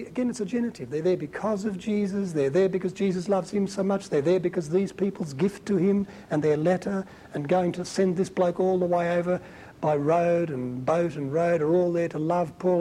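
A man giving a conversational Bible teaching as a preacher, talking in an animated, colloquial and emphatic way. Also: sits high, slight background noise, low-quality recording.

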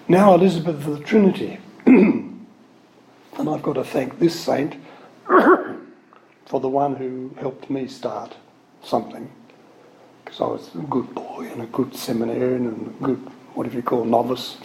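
His voice is mid-range and a little mellow, with vocal fry and a faint hiss or hum in a roomy, echoing space with faint ambience. A Catholic religious speaker, he digresses freely while telling spiritual anecdotes and keeps correcting himself. His tone is earnest and openly emotional.

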